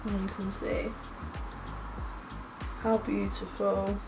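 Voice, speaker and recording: A woman's voice: medium pitch, little pitch movement, takes it slowly, vocal fry, distant mic, over music. A young woman chatting casually while doing her makeup, gushing and chatty, swearing now and then. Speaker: beauty vlogger. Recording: echoey room, mic set back, faint hiss.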